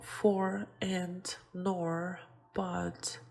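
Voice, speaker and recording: Teacher lady, slow and gravelly, reads out example sentences. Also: fairly low pitch, level tone, a little mellow. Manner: reads example sentences aloud, with self-corrections. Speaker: English teacher. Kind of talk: slow, deliberate grammar lesson.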